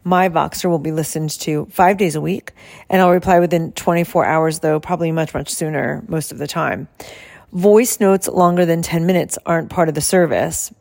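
A woman health coach who explains her service in a soft, calm and soothing way and guides slow breathing. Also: low-pitched, gravelly.

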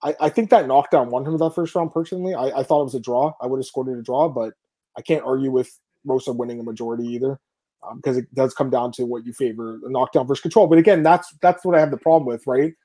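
A man hosting a sports podcast, running through fight results in quick, casual chat. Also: medium pitch, dark tone. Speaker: podcast host.

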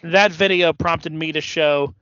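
A man co-hosting a podcast, telling animated stories in casual chat and acting out quotes. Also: fairly high pitch, a little slow, smooth, no room sound, highs cut off. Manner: animated storytelling, acts out quotes. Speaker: podcast co-host.

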